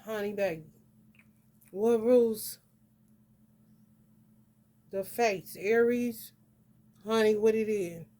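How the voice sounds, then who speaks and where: A woman's voice: mid-range voice, slow pace, pauses often, dark tone. Blunt, profane woman calling everyone honey. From northern United States. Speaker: astrology reader. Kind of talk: casual spiritual vlog rant.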